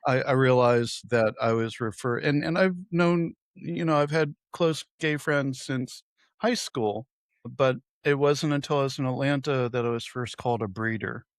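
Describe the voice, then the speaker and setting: A man's voice: medium pitch, normal speed, no room sound. Wry middle-aged man telling stories. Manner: wry, self-deprecating anecdotes. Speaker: podcast co-host. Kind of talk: casual storytelling chat.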